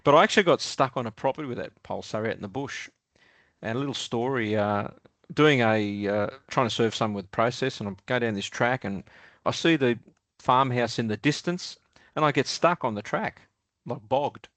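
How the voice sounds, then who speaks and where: A man's voice: mid-range voice, moderate pace, a bit bright, no echo. Chuckling Australian man telling yarns. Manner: rambling, chuckling, many ums and restarts. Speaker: podcast guest. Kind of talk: casual storytelling interview.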